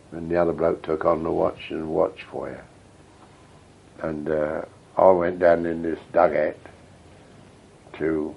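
A man's voice: deep voice, vocal fry, breathy edge, highs cut off. An elderly man with a rambling, reminiscing way of telling stories, interviewed for an oral history. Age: older. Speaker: veteran interviewee.

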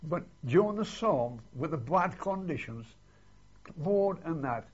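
A man's voice: fairly high pitch, lively intonation, takes it slowly, breathy edge, dull audio. An older man, recalling his war service in a rambling way and often ending lines with "see", on an old archival recording. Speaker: war veteran interviewee. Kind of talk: oral history recollection.

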